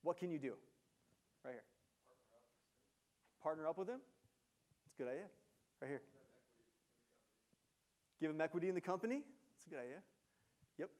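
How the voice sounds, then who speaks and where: A man giving a university lecture, telling business stories in an animated way and quizzing the audience. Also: fairly high pitch, normal speed, pauses often. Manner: animated storyteller, engages audience with questions. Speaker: guest lecturer, entrepreneur. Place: lecture hall.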